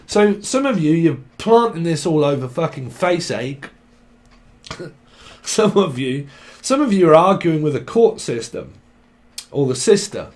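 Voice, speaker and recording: A young man chats his way through a tarot reading, swearing freely and laughing as he goes. His voice sits a little high for a man, and his talk meanders from one thought to the next. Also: expressive, moderate pace, a little mellow. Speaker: tarot reader. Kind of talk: casual tarot reading to camera.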